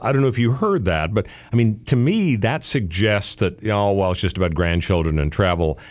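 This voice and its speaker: A man's voice: lowish voice, lively intonation, brisk, darkish tone. A man hosting a talk radio show, chatting in a rambling, wry way. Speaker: radio host.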